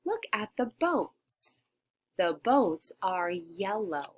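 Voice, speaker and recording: Breathy teacher sounding out letters slowly. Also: female voice, mid-range voice. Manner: slow, exaggerated sounding-out of letters, often dropping to a whisper; animated, encouraging, with gasps of discovery. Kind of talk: shared reading lesson for young children.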